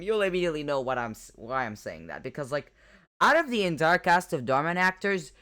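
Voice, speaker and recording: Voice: medium pitch, a bit bright. A reaction video host giving casual commentary, rambling with many fillers and corrections.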